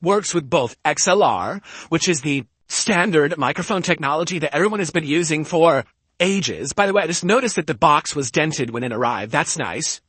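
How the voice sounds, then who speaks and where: A man's voice: a little high, lively intonation, moderate pace, fairly bright tone, slightly rough, no echo. Emphatic man talking into a close mic. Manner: emphatic, argumentative, keeps asking "okay?". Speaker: streamer. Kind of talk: casual stream talk. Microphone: studio podcast mic close up.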